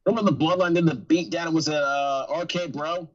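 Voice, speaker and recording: A man hosting a podcast, chatting casually and joking loudly with friends. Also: fairly high pitch, a little fast. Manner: animated, loud and joking. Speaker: podcast host. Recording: dull lo-fi sound.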